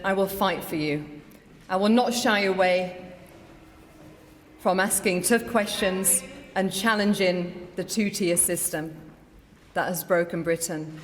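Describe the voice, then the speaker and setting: A woman's voice: on the low side, takes it slowly, a little hiss or hum. A middle-aged woman, a newly elected mayor, giving an emphatic victory speech at a lectern in an election count hall. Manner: emphatic, rallying declarations. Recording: long reverb of a large hall.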